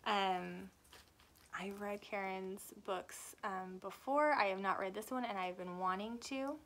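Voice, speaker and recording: A young adult woman, herself an author, gives a chatty, rambling book review, frequently correcting herself. She speaks at a measured pace in a medium-pitched voice.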